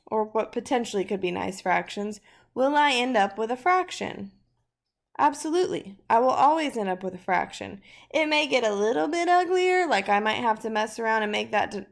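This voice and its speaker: A woman teaches a math lesson in a relaxed, chatty way, working through examples out loud. Her voice sits a little high and carries a gravelly fry. Her tone stays upbeat as she explains.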